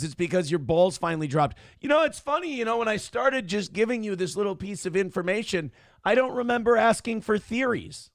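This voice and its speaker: A middle-aged man hosts a casual livestream talk show, reading donations aloud with loud, crude jokes and a rough voice that cannot reach high notes. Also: dry recording, clean studio sound. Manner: loud, crude, joking, reads chat messages aloud.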